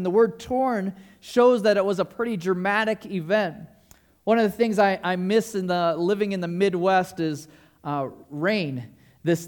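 A male pastor preaching a sermon to his congregation in a casual, enthusiastic way, often asking the listeners questions. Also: high voice. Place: church service.

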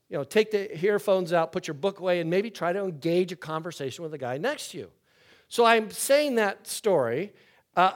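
The pastor, an older man, tells his sermon in a talkative, story-like way, his delivery alternating between animated loud sections and hushed low ones.

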